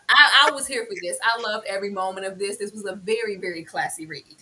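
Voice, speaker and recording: A woman on a live recap panel, very expressive and swinging between loud and soft, speaking. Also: mid-range voice, quick pace, hardly any pauses, a little hiss or hum. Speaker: co-host panelist. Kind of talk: live show recap discussion.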